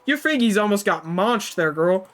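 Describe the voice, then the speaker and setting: A woman streamer reading a story game aloud, with excitable, chatty asides to her viewers. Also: medium pitch, moderate pace.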